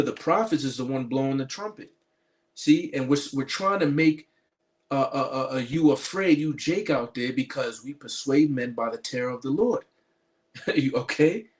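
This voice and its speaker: A man's voice: medium pitch, a little mellow. A man preaching in a spiritual commentary. His delivery is emphatic and insistent, with frequent um and uh fillers and stumbling restarts.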